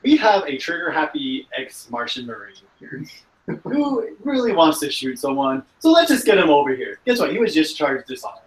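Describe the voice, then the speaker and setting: A man playing a tabletop game, joking and talking in an animated way. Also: fairly high pitch, normal speed. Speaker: player. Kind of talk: casual chat at a game table. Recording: roomy, distant mic.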